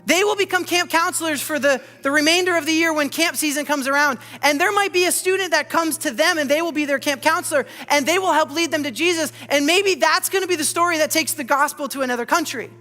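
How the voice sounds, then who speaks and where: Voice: high-pitched, quick pace, hardly any pauses, pushed and bright, big-room sound, faint music behind. A pastor giving a sermon, earnest and personal, with many rhetorical questions. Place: church auditorium.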